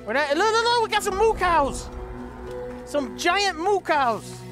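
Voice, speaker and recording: A man with a high, light voice narrates his game as he plays, breaking into loud outbursts and giggles. His delivery is unhurried between the bursts, and game music runs underneath. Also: big pitch swings. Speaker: gaming YouTuber. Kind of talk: let's play commentary.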